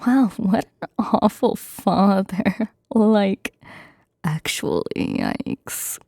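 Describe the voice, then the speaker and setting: A woman's voice: mid-range voice, very slow, vocal fry, warm tone, no room sound, clean studio sound. A woman streamer whispering an ASMR script reading, with giggly asides between lines.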